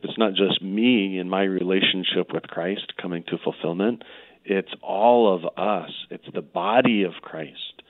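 A man, a priest, gives an earnest spiritual teaching on a call-in radio show, speaking gently with frequent "you know" fillers and restarts. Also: low-pitched, dry recording. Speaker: priest guest. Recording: dry, phone-like line.

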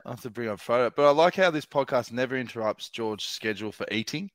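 A man's voice: medium pitch, animated, fast, a bit bright, no echo. A New man with a mid-range voice, ribbing his co-hosts in a loose podcast chat. The sound is close and dry, with no room around it. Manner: teasing, joking. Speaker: podcast co-host. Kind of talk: casual chat.

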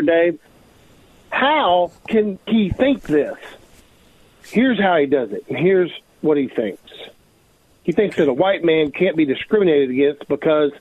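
An indignant man, a lawyer guest on a radio show, calls in over a tinny phone line. His voice sits fairly high for a man and sounds a bit husky. It is bone dry, with no room sound around it. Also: dry recording. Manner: indignant, emphatic, repeats himself. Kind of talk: radio call-in interview.

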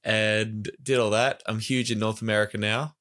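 A man riffing as a podcast co-host, his voice bright and forceful. He talks in an animated, jokey way and swears freely. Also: on the low side, normal speed. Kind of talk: casual comedic chat.

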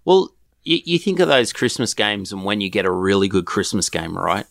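A man's voice: on the low side, big pitch swings, normal speed, vocal fry, fairly bright tone, dry recording, clean studio sound. A man co-hosting a sports podcast, easygoing and rambling, with frequent hesitations. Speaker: podcast co-host. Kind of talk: casual sports chat.

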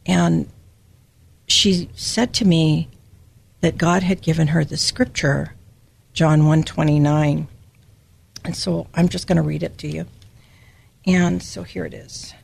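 A woman's voice: deep voice, steady tone, takes it slowly, vocal fry, pauses often, darkish tone, slightly rough. An older woman from Hawaii giving a personal, emotional devotional Bible teaching as a podcast host.

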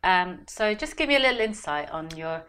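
Host: woman, slightly low pitch, hesitant questioning. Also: animated, fairly quick, fairly bright tone, clear, resonant tone. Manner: hesitant, many fillers. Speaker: podcast host. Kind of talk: interview questions.

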